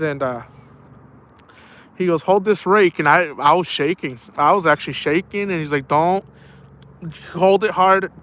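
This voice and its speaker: A fairly high, bright and forceful male voice belongs to an outdoors streamer fishing at night near water. He chats loosely on his live stream, rambling through tales and calling viewers "man" and "bro" again and again.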